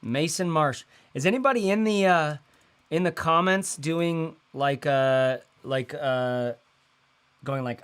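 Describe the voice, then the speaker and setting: A man's voice: a little high, animated, a little slow, smooth. Upbeat, rambling man on a livestream. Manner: loose and rambling, full of fillers and slang. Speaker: host. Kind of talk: casual livestream chat.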